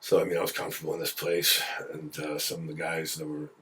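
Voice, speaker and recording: Deep-voiced man telling animated stories. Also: fast talker, slightly rough. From Philadelphia, USA. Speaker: guest actor. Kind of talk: casual storytelling interview. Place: radio studio.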